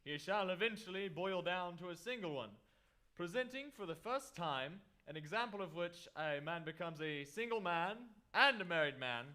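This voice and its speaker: A man's voice: high voice, animated, moderate pace, pushed and bright. A man playing a vain, pompous aging duke in a staged operetta, speaking in a declamatory manner. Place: theatre stage, live performance.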